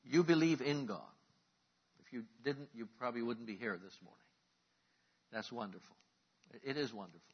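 A man preaching a sermon, moving from quiet questions to loud, impassioned calls for the congregation to respond. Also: medium pitch, normal speed, pauses often, breathy edge, dull audio.

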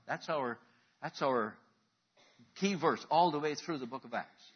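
Preacher guy, husky and a bit high, quiet questions that build to loud calls, muffled lo-fi sound. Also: measured pace. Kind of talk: sermon.

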